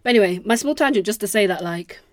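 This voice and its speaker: A woman's voice: medium pitch, lively intonation, quick pace, no echo, clean studio sound. A young woman hosting a solo podcast, chatting casually in a rambling, self-deprecating way with plenty of swearing. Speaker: podcast host.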